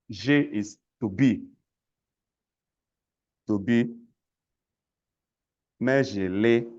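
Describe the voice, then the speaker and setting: Low-voiced male language teacher on a dull lo-fi call line, patient and repetitive. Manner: patient, repeats words for learners to echo. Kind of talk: online language lesson. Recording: lo-fi call audio.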